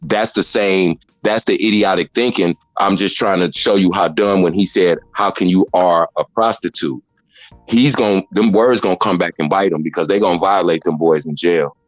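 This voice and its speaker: A man's voice: low voice, moderate pace, no echo, low-quality recording. A man hosting a casual commentary chat, blunt and rambling as he explains things at length. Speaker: commentary host.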